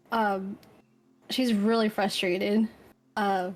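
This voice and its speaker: A woman's voice: a little high, normal speed, a little mellow. A woman playing her character in a casual tabletop game, rambling with lots of fillers and laughing easily. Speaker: player. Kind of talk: casual tabletop role-play.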